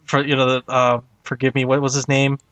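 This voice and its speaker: A man co-hosting a podcast, chatting casually about movies, with frequent laughs and halting restarts. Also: medium pitch, monotone, fairly bright tone, no echo. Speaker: podcast co-host. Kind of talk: casual movie review chat.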